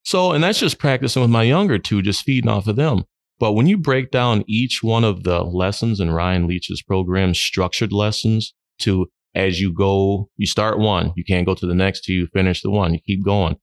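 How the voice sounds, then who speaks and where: A middle-aged man with a lowish voice tells stories as a podcast guest. He laughs often and slips into his friends' voices as he acts out their lines. The recording is close and dry. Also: normal speed, dry recording. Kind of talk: storytelling in a podcast interview.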